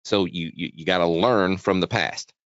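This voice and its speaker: A man hosting a live trading webinar, chatty and energetic, talking quickly with frequent restarts. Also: sits low, no room sound. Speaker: webinar host, trading educator. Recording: dull, dry lo-fi sound.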